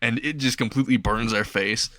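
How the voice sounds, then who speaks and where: A man's voice: mid-range voice, fairly even intonation, a little fast, sharp tone, dry recording, clean studio sound. A man casually improvising a fan story, chuckling and rambling with frequent restarts.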